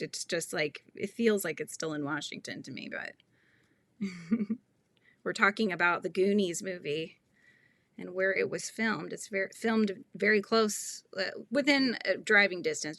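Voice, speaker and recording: A woman's voice: on the low side, vocal fry, sharp tone. A woman in her thirties hosting a crochet tutorial stream, chatting casually and laughing often as she reads viewer comments. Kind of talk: casual livestream chat while crocheting.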